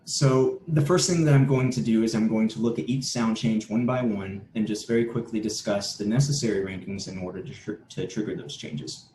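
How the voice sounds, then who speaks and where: A man's voice: fairly low pitch, fairly even intonation, brisk, few pauses, warm tone. A man giving an academic conference talk, explaining steadily and restarting a word now and then. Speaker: conference presenter. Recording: echoey room with faint noise.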